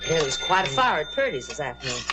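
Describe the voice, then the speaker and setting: An actress playing a nagging middle-aged aunt in a 1950s television drama, falsely sweet and needling. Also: female voice, sits low, sing-song, fast talker, music in the background.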